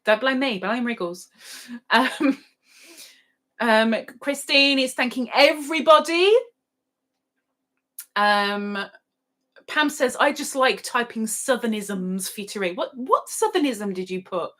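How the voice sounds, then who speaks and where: Slow-talking woman hosting a livestream. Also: on the high side, lively intonation, sharp tone. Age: middle-aged. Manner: chatty, giggly, sings playfully. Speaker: livestream host. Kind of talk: casual livestream chat reading comments.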